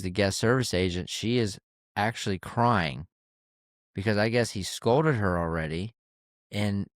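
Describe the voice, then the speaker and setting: Low, smooth-voiced man telling caddie stories. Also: dry recording, clean studio sound. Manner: candid, conversational, swears casually. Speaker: caddie and podcast host. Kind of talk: casual storytelling.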